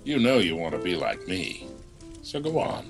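A man's voice: deep voice, huge pitch swings, normal speed, gravelly. A man doing a pompous, languid scripted promo read for a podcast. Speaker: voice actor doing a show promo. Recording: faint music behind.

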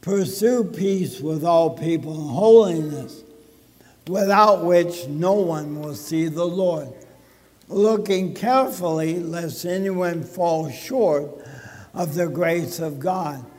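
A male pastor delivers a sermon with a high, light voice, taking his time over every phrase. His words ring out with a long reverb through the church hall. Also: darkish tone. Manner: slow, deliberate preaching with dramatic pauses. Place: church sanctuary.

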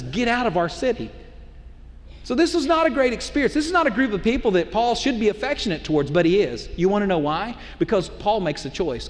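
A middle-aged pastor with a high, very lively voice, preaching in an animated, conversational way. He keeps asking the congregation questions. His voice rings with the long reverb of a church hall. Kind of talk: sermon. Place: church auditorium.

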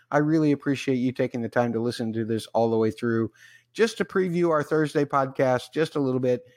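A man's voice: mid-range voice, no room sound. A man hosting his own podcast alone, chatty and rambling, with fillers and asides. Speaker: podcast host. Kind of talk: solo podcast recap.

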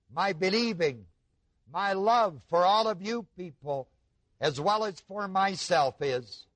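A man preaching a sermon, slow and emphatic, asking his listeners rhetorical questions. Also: high-pitched, no room sound.

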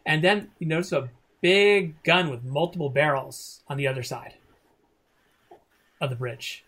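A man's voice: on the high side, unhurried, a bit bright. A man narrating a tabletop game as game master, rambling with many restarts.

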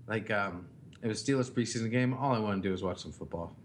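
A man in his thirties co-hosting a casual comedy podcast, telling profane stories about his daughter in an animated way. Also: lowish voice, fast talker, a little hiss or hum. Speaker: podcast co-host.

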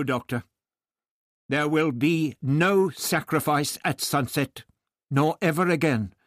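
A man's voice: fairly high pitch, no echo, clean studio sound, voice pushed up. A man voicing a determined, defiant young woman who speaks firmly and with resolve in an audiobook. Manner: firm, determined. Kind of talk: audiobook character voice.

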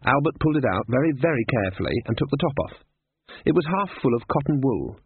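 A man narrating a story in a dry, measured manner, on a muffled, narrow recording. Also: mid-range voice, animated, slightly rough, no room sound. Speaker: audiobook narrator. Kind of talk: scripted narration. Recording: muffled, phone-like narrow sound.

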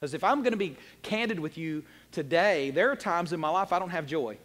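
A male pastor preaching a sermon in an animated, joking way, talking straight to the congregation. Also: fairly high pitch, brisk. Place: church sanctuary. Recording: long hall reverb.

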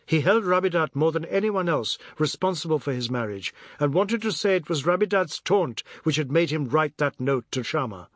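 A man narrating a novel in a measured storytelling manner. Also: fairly high pitch, animated, dry recording. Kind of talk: audiobook narration. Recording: dry close studio sound.

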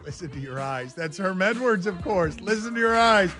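Excitable high-voiced radio host man. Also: moderate pace, faint music behind. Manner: excitable, shouting catchphrases. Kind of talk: energetic sports talk radio.

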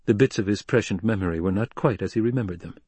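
A man reading a novel aloud as an audiobook narrator, in an even, measured way. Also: lowish voice, breathy edge, no room sound. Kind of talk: scripted narration.

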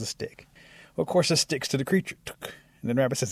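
A male storyteller narrating a folk tale with lively ups and downs in his delivery. His voice is gravelly and husky, at an ordinary pitch. The sound is dry and close. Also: brisk, dry recording. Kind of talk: oral storytelling.

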